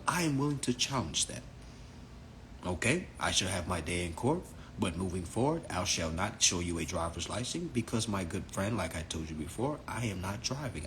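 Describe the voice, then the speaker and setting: Man doing a fussy London gentleman, prim, mock-formal, lawyerly, bright-toned, lower and even, faint ambience behind. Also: slight background noise. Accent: London British, put on. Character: prim, overly polite British gentleman, adult man.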